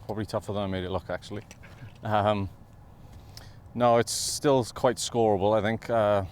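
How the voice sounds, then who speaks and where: Flat, deep golfer, post-round. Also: male voice, moderate pace, clear, resonant tone. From Wales. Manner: hesitant, modest, full of fillers. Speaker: professional golfer.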